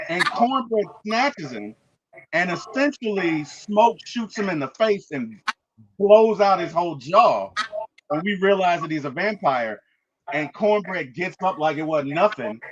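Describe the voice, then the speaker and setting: A man hosting a movie review, retelling the plot in an animated, emphatic way and checking in with "okay?" and "right?". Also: sits high, unhurried, lo-fi sound.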